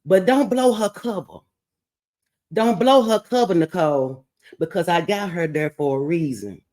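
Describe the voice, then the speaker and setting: A woman's voice: on the low side, lively intonation, measured pace, dark tone. A woman voicing God as a blunt, reassuring male deity who talks firmly and plainly. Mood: firm reassurance. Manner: firm, scolding, plain-spoken.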